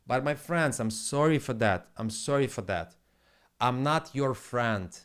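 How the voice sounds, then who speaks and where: A man's voice: medium pitch, expressive, unhurried, a bit bright, smooth. A man on a casual live stream at his home setup, rambling bluntly and with plenty of swearing, in broken English.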